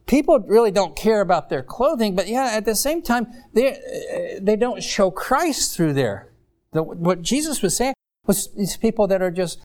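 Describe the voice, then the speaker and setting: Rambling, animated male preacher. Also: high-pitched. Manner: rambling, animated storytelling with many restarts. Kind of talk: sermon. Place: congregation in Mexico.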